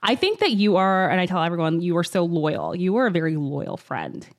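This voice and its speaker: Lower-voiced woman podcast co-host. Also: sing-song, a little fast. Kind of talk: casual chat.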